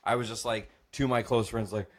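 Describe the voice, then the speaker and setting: With a low-side, steady-toned voice and a slightly fast pace, a young man hosting a comedy podcast tells a rowdy story. He laughs often, swears without restraint, and performs the voices in it.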